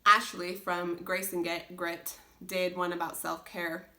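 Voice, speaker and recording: A woman's voice: on the low side, little pitch movement, unhurried, bright, forceful tone. A young woman talking casually as a homeschooling mom, earnest and rambling, full of restarts and "like". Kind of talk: casual chat.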